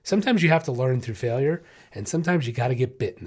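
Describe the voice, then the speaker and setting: A man's voice: mid-range voice, expressive, fast talker, breathy edge. A man hosting a podcast about dogs, telling a story in a blunt, frank and emphatic way. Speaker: podcast host and dog trainer. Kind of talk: casual podcast monologue.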